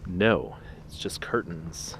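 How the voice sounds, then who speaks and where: A man chatting to the camera while trash picking outdoors at night, excitable, through a small camera-mounted mic. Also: deep voice, takes it slowly, slight background noise. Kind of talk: casual vlog narration.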